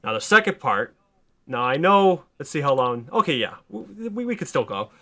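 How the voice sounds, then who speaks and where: A man hosting a podcast, excitedly retelling a story pitch in casual, swearing chat. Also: moderate pace. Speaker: podcast host.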